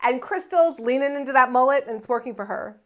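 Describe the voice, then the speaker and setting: A woman with a high voice chats loosely as a co-host, reviewing a show with her friend. She slips into put-on voices whenever she quotes someone. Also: fairly quick. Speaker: podcast co-host. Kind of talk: casual review chat.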